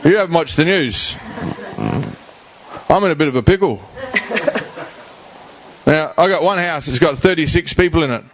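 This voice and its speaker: A man's voice: a little high, normal speed, pauses often, noisy background. A middle-aged man with an Australian accent, speaking bluntly and emphatically at a community forum, repeating himself for effect in plain slang. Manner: blunt, emphatic, repetitive, colloquial. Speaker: rehab house founder speaking at a community forum. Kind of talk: blunt public talk.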